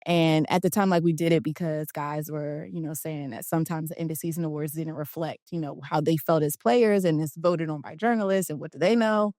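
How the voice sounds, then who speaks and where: A woman from Philadelphia, a guest telling an animated story in a casual interview and acting out the quotes. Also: low voice, fairly quick, hardly any pauses, no room sound, clean studio sound. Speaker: guest, basketball players' union director.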